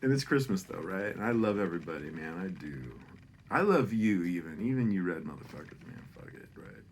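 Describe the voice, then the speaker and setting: A man's voice: sits low, sing-song, brisk, breathy edge. A middle-aged man telling a holiday story in a rambling, profane, self-deprecating way, often drifting off on tangents.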